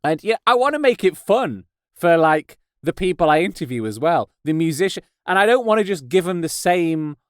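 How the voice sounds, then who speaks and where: A man's voice: a little high, sing-song, normal speed, hardly any pauses, dry recording. A man hosting a podcast, rambling in a casual, self-mocking way with frequent laughs and restarts, recorded in a padded home studio booth. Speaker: podcast host and voice actor. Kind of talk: casual monologue.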